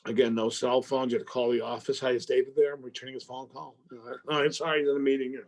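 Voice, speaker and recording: A middle-aged man, an actor being interviewed, who tells an animated story and acts out phone calls with swearing and loud outbursts. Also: medium pitch, fast.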